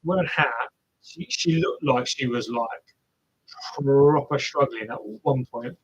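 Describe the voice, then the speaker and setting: A husky, mid-range male voice, a little slow, offers casual live commentary on a marathon for viewers. The streamer is chatty and self-deprecating as he encourages the runners.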